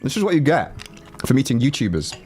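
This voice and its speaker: A livestreaming YouTuber talks from home with a chest cold that makes his medium-pitched voice rattly; his delivery is sing-song, fast and darkish in tone. He chats and jokes loosely with viewers over soft background music, using a desk mic and no headphones.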